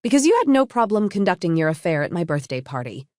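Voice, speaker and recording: A woman voicing a composed young woman who calmly confronts a betrayal, her tone cool and pointed. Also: on the low side, fast talker, dry recording, clean studio sound. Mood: cold. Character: calm, cutting young woman exposing a cheater.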